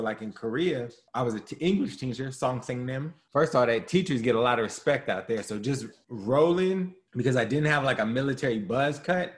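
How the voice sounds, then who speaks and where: A man who works with undergraduates, talking in a relaxed, reflective way with casual slang. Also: medium pitch. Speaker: university staff working with undergrads. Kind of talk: casual conversation.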